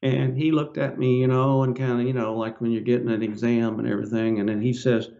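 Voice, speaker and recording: An older man, a podcast guest, telling a personal story in a casual, halting way, with lots of filler words. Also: medium pitch, flat delivery, dark tone. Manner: rambling, halting, with many "you know" fillers. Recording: slightly dull lo-fi audio.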